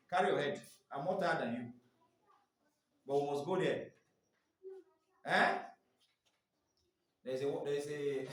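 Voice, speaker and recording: A man in his forties running a staff training, quizzing the group and spelling out letters one by one. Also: mid-range voice. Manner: quizzing, often ends phrases with a prompting "what?". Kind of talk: classroom training lecture. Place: indoor training room. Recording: echoey room, mic far off.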